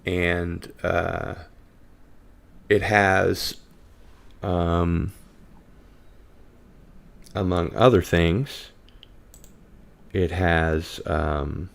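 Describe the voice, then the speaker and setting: A man's voice: sits low, extremely slow, vocal fry, long pauses. A man hosting a casual podcast chat, hesitant with many ums, reading out viewer comments. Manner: relaxed, reads out viewer comments. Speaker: podcast host.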